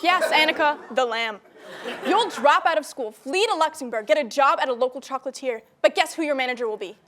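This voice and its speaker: A woman's voice: high voice, brisk, fairly bright tone, a little hiss or hum. A young woman playing a spiteful, scheming arch-nemesis who gleefully lays out her threats in a comedy sketch. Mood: gloating. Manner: smug, theatrical, gleeful threats. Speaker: guest on a student talk show.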